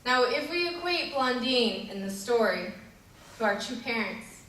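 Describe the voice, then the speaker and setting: A woman's voice: a little high, expressive, measured pace, a bit bright. A woman giving a sermon and telling a story, in an earnest way with some fillers and restarts. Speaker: preacher. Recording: echoey hall, distant mic.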